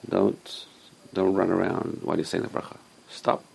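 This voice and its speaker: A man's voice: sits low, little pitch movement, normal speed, vocal fry, crowd noise. A man teaching an informal Torah class, explaining Hebrew sources and giving emphatic warnings.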